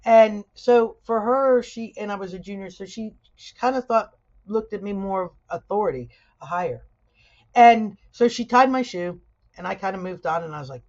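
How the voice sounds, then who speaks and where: A middle-aged woman teaching sociology in a conversational video lecture, weaving personal stories with lively asides. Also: mid-range voice, normal speed, muffled recording. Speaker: sociology instructor.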